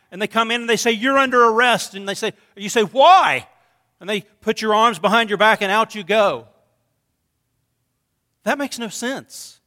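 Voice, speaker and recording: A man with a high, bright, ringing voice preaches in a sanctuary, and his words trail off into the long reverb of a church hall. He talks in a relaxed, conversational way, telling stories with a light sense of humor. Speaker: pastor. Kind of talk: sermon.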